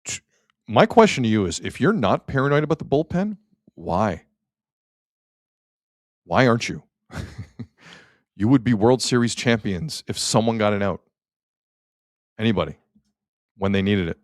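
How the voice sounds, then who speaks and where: Sports host, male, lowish voice, wry rhetorical rant, dry studio sound. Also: big pitch swings, normal speed, pauses often, dry recording. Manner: emphatic, rhetorical, wry ranting. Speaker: sports talk show host. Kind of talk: casual sports talk.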